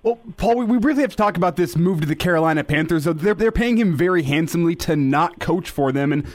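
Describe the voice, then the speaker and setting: A man with a fairly high voice co-hosts a sports radio show. He speaks quickly, rushing through a long question and tripping over a few words. He sounds engaged and eager to get to the point. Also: animated, dry recording.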